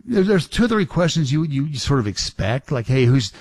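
A man's voice: a little high, very animated, fairly quick, breathy edge, dry recording. A middle-aged man hosting a talk radio show, rambling casually with many restarts and fillers.

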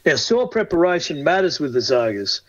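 Higher-voiced man giving garden tips. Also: very animated, fairly bright tone, no echo. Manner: measured, instructive delivery. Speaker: gardening show co-host. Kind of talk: gardening advice talk. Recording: dull lo-fi sound.

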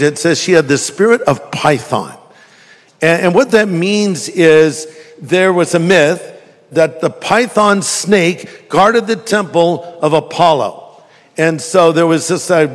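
A pastor preaching a sermon in church slips into jokey stories, delivering them in an animated, lively way. His fairly high voice rings out with a long hall reverb.

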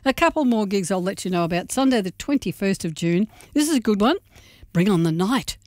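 A woman's voice: mid-range voice, expressive, brisk, no room sound. Woman, radio co-host, chatty, rambling, dry studio sound. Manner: chatty and warm, rambling a little. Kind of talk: casual radio chat and gig guide.

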